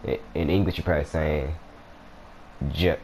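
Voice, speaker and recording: A man's voice: rumbling low, steady tone, moderate pace, darkish tone, slight background noise. A young man casually commenting on a video game, rambling and joking as he plays. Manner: rambling, joking, self-interrupting. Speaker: gaming let's-play host.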